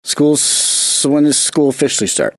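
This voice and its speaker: A man's voice: on the high side, animated, normal speed, no room sound. A man, co-hosting a casual podcast chat, blunt and teasing, swearing freely. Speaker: podcast co-host.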